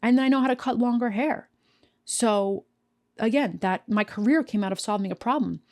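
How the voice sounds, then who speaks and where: A woman's voice: on the high side, normal speed, darkish tone. Woman, podcast host, casual solo monologue, rambling, frank, talking from home. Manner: rambling, self-correcting, frank and profane. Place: snowed-in home.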